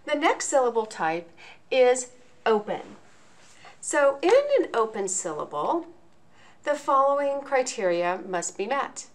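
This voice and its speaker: A woman teaching a lesson in a video, explaining each point slowly and enunciating clearly. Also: on the high side, big pitch swings. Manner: slow, deliberate, clearly enunciated.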